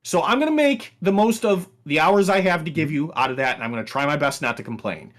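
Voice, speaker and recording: A man talk-show host with a slightly high, very lively voice, moving between chatty asides and firm orders. He sets limits like a moderator. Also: fast.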